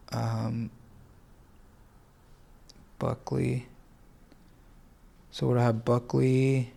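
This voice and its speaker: A man's voice: medium pitch, gravelly, dark tone. A man hosting a casual tutorial, thinking aloud as he works, hesitant and correcting himself, with a congested voice. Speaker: fantasy sports tutorial host. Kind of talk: casual screen-share tutorial.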